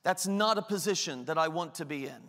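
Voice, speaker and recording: A man's voice: on the high side, expressive, a little fast, a bit bright, in a large hall. A man preaching a sermon as pastor, emphatic and repetitive, full of rhetorical questions.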